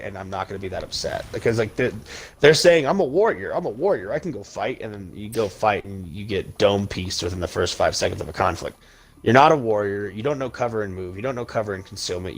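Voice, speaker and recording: A young man hosting a podcast, ranting heatedly with emphatic insults while chatting casually over a video game. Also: fairly low pitch. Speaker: podcast host.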